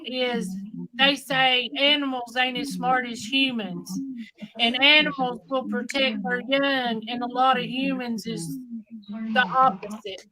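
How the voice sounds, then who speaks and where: A woman chatting in a gentle, heartfelt way. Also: sits high, steady tone, unhurried, poor audio. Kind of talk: casual chat on a video call.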